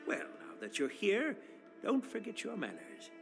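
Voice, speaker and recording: An actor playing a stern elderly grandfather who admonishes in a gruff manner, heard as game audio over music. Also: sits high, huge pitch swings, unhurried, full character voice.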